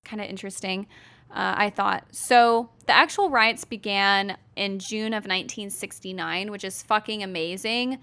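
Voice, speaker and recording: A woman co-hosting a podcast, recounting history in a relaxed chatty way with lots of fillers and casual swearing. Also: medium pitch, normal speed. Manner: laid-back, fillers and laughs, swears casually. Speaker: podcast co-host.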